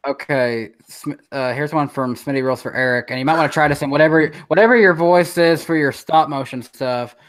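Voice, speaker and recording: A man with a voice a touch higher than usual, trading casual podcast banter. He often stammers and repeats the first words of a line before reading out a viewer's comment. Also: fairly quick, few pauses, slight background noise. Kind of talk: casual group podcast chat.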